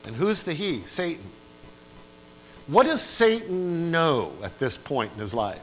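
A man preaches a sermon to a church congregation, dropping to quiet, low asides and then climbing to loud, emphatic peaks. He keeps turning to his listeners with repeated questions. A faint hum sits behind the recording. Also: very animated, unhurried, rough recording. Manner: preaching with big swings between quiet asides and loud rising climaxes.

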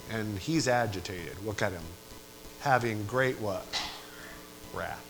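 A man preaching a sermon in a church, swinging between quiet asides and loud rising climaxes, and putting repeated questions to the congregation. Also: mid-range voice, measured pace, poor audio.

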